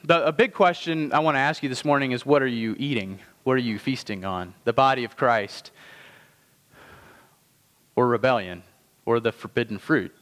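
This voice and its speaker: A man preaching a sermon, chatty and casual, then slowing down to stress key phrases. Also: mid-range voice, a bit bright. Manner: conversational preaching with slow emphatic phrases. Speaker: pastor. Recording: long hall reverb.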